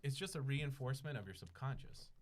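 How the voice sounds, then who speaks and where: A man's voice: medium pitch, expressive, fast, slight background noise. A man hosting a podcast in casual chat, agreeing with his guest and restating his points. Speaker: podcast host.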